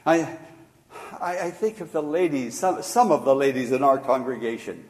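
An older man preaching a sermon as pastor, shifting from hushed storytelling to loud, emphatic exhortation. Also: mid-range voice, moderate pace, long reverb tail.

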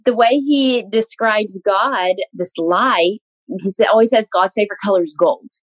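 Young adult woman guest, earnest and warm, laughs through her stories, mid-pitched voice. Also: a little slow, no room sound, poor audio. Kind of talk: casual interview talk.

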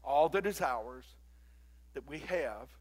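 An older man preaching a sermon and leading the congregation in call-and-response, moving between quiet talk and loud exhortation. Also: medium pitch, animated, slow pace, breathy edge. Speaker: pastor.

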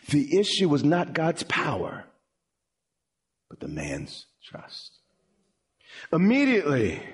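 This man preaches as a pastor with dramatic swings, going hushed and low, then lifting into a high, imploring tone.

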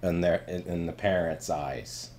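A man co-hosting a casual chat, animated, laughing often and trailing off quietly at the ends of his thoughts. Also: sits low, measured pace.

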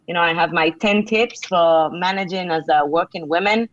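A middle-aged woman author answering interview questions with earnest, conversational advice, filling pauses with "you know". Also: fairly low pitch, no room sound. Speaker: author and leadership speaker. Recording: dull lo-fi sound.

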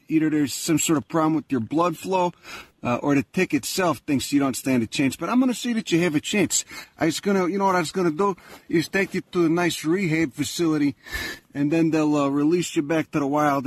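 A man with a Chicago accent talking soothingly to a wild coyote, hushing and coaxing it in a rambling way. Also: fairly high pitch. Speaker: man in a viral video calming a coyote. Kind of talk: soothing talk to a wild animal.

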